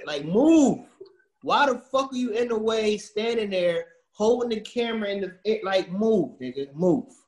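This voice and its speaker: A man's voice: high voice, reverberant. A man as a podcast guest, ranting about pet peeves with lots of swearing. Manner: ranting and swearing, with repeated filler words. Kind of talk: casual chat.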